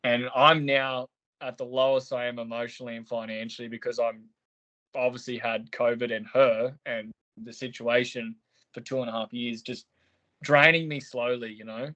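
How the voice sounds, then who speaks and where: A man's voice: medium pitch, level tone, moderate pace, bright, forceful tone. A man, a podcast guest, telling his story in a blunt, aggrieved way with heavy swearing. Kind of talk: candid interview storytelling.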